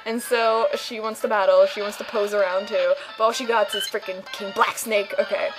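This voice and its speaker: A woman's voice: mid-range voice, fairly even intonation, normal speed, music in the background, low-quality recording. A young woman casually commenting on her own game playthrough, rambling and joking as she goes. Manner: rambling, jokey, puts on silly voices. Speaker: gamer doing a let's play.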